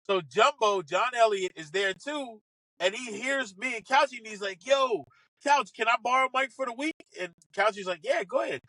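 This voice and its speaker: A man telling stories from his caddying days in an animated way, acting out what other people said. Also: very high voice, dry recording, poor audio. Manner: fast, excitable, acts out other people's quotes. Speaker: podcast guest, former caddy. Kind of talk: animated storytelling.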